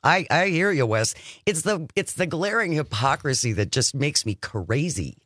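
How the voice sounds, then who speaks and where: A man's voice: a little high, sing-song, moderate pace, a bit bright, dry recording. A man co-hosting a casual talk radio show from a studio, reading listener texts aloud in a conversational way.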